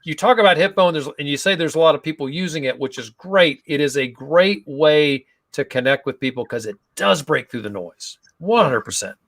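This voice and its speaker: A man's voice: fairly high pitch, expressive, fairly quick, hardly any pauses, a bit bright, no echo. A man talking as a guest in a casual online interview, upbeat and full of anecdotes. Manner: enthusiastic, storytelling.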